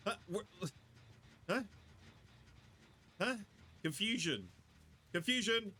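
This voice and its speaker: Lively, bright-voiced British streamer man. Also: moderate pace. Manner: animated, joking, swings into high squeals. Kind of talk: casual gameplay commentary.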